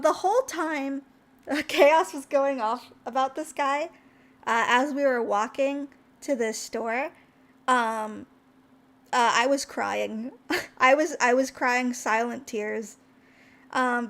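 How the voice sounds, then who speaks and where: A woman's voice: high voice, a bit bright. A young woman streamer telling a story casually to her chat, rambling with lots of fillers and laughs. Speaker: VTuber streamer.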